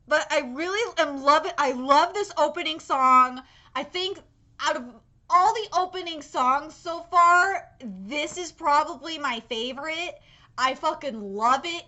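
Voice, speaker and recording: A young woman reacts live to an anime episode with excited commentary, gushing, swearing freely, and bursting into squeals. Her voice is high, and the audio sounds dull.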